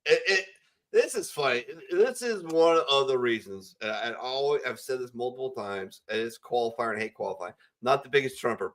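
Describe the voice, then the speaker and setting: A man's voice: mid-range voice, lively intonation, moderate pace, fairly bright tone. A man hosting a casual online chat among veterans, blunt and profane, rambling through his opinions over a video call. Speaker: podcast host. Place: home, virtual call.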